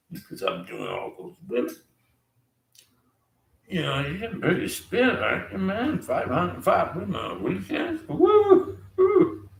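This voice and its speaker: A man with a low, gravelly voice rambles through a sarcastic rant, drawing out his words and chuckling along the way. His pitch leaps all over the place. The sound rings in an echoey room. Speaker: vlogger.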